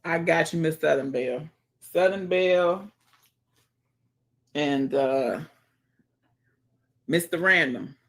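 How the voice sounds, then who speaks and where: A woman's voice: low voice, slow pace, long pauses. A woman hosting a casual livestream, greeting viewers by name and chatting as she reads the comments. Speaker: livestream host.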